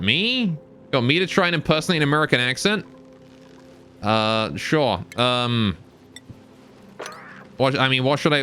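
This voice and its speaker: A man's voice: mid-range voice, sharp tone, slight background noise. Sex: man. Role: live streamer. Style: gameplay commentary, cursing and muttering at the game, chatting with viewers. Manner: talks to viewers between game instructions.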